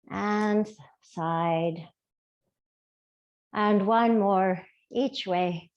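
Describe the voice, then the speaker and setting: A woman teaching a gentle yoga class, with soft, playful step-by-step cues. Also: on the high side, animated, highs cut off. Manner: soft, slow, playful cueing.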